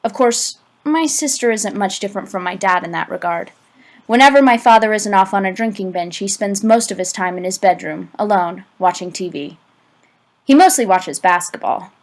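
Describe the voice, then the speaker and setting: A woman's voice: medium pitch, moderate pace. Woman reading an audiobook plainly. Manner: plain, slightly stumbling reading. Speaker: audiobook reader. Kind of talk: amateur audiobook narration.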